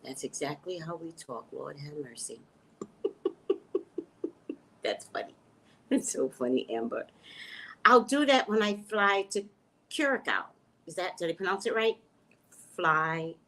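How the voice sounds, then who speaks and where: Lively low-voiced woman chatting on a live stream. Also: slight background noise. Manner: exclamatory, laughs often, calls on the Lord. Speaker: psychic reader hosting a live stream. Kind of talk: casual live-stream chat with viewers.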